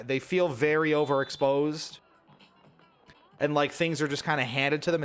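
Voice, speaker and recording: A man streaming a sports video game, giving exasperated play-by-play and venting when his teammates miss easy shots. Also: medium pitch. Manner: exasperated, animated play-by-play with frustrated outbursts. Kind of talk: livestream gameplay commentary.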